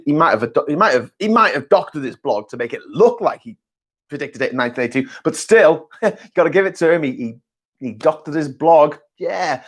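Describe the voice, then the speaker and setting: A man hosting a casual live-stream chat, ranting, rambling, and swearing freely. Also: high voice. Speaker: host.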